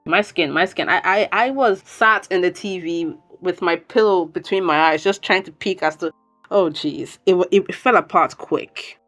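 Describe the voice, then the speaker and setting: A woman recording a casual spoken recap at home, chatty and animated, often breaking off with laughs and asides. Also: lowish voice, normal speed, soft background music. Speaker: video commentator.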